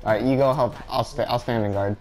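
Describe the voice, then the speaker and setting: A man's voice: mid-range voice, fairly even intonation, fast talker, rough recording. A young man chatting casually and joking with friends while playing a video game. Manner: joking, playful, laughs often. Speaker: gamer. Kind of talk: casual gameplay chat. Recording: game music behind voice. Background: music.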